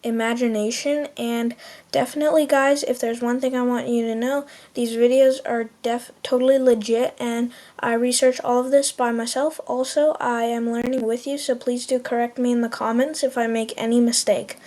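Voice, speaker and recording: A young woman with a high voice hosts a casual video lesson. She is chatty and upbeat, stumbling and restarting now and then, and slows right down to repeat each phrase. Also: flat delivery, warm tone. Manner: chatty and upbeat, with frequent restarts and slow spelled-out repetitions. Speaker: language learner teaching beginner phrases.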